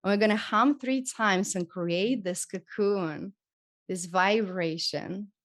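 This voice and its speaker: A woman from Europe leading a live group healing session, speaking gently and encouragingly as she demonstrates breathing and voice techniques. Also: mid-range voice, slow pace. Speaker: spiritual healing teacher. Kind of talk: live group workshop teaching.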